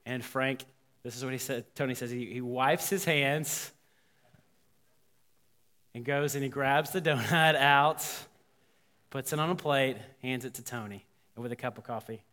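A man, a pastor, telling a story in a sermon, animated and voicing the people in it. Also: medium pitch, unhurried, pauses often. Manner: animated, quoting characters. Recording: long hall reverb.

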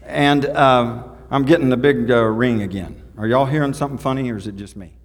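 A man pastor retells a scripture story in a relaxed, folksy way. His voice sits at an ordinary middle pitch. It rings out with the long reverb of a church sanctuary. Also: fairly quick. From Oklahoma. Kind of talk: sermon. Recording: reverberant hall.

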